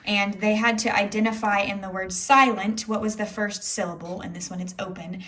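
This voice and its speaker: A woman's voice: medium pitch, fairly even intonation, normal speed, a bit bright. Young female teacher, lilt, rambling chatty vlogger delivery. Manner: chatty, rambling, many "like"s and "anyways". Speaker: elementary school teacher. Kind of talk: casual day-in-the-life vlog talk.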